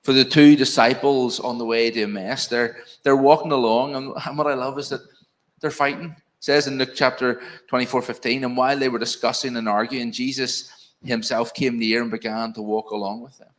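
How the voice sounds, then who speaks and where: A man's voice: medium pitch, fairly even intonation, a little fast. A man with a Northern Irish accent preaching an evening sermon in a church, earnest and pastoral, speaking directly to the congregation.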